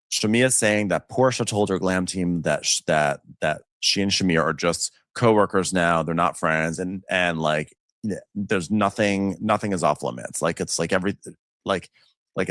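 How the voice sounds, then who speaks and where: A co-host in a casual recap chat, animated, telling the story and doing quotes in high voices. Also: dry recording. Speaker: podcast co-host.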